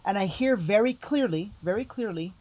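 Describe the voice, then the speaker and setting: A man with a slightly higher-than-usual voice tells a personal story as a podcast guest. He talks earnestly and emphatically, circling back with "like" and "you know" as he goes. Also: animated, normal speed, a little mellow. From Latino background. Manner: earnest, emphatic, with many repeated fillers. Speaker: guest, life coach.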